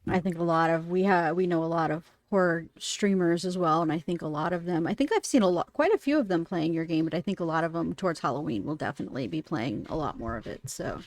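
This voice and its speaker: A woman's voice: lowish voice, fast, hardly any pauses. A woman hosting a podcast interview, chatting in a rambling way and laughing often. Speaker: podcast host. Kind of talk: casual interview chat.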